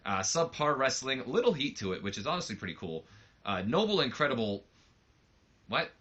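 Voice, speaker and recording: A man's voice: mid-range voice, sing-song, fairly quick, a bit bright, breathy edge. A man giving casual let's play commentary on a wrestling game, rambling loosely with lots of fillers, on a slightly muffled mic.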